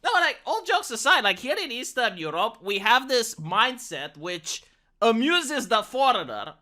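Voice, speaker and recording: A man's voice: very high-pitched, very animated, a little slow, pushed and bright. Sarcastic ranting man. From Romania. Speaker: vlogger. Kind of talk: casual opinion rant.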